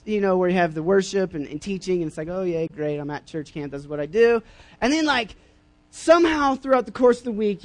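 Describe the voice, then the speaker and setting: In a church, a young preacher gives an informal sermon in a high voice. His personal stories wander, full of fillers and restarts, and he breaks into loud character voices along the way.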